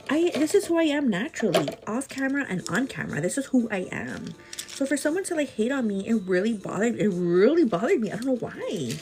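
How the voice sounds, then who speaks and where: A woman chatting casually with her livestream viewers over breakfast at home, animated and calling them "girl". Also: a little high. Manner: greets viewers by name mid-story. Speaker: livestream host. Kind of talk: casual chat while eating breakfast.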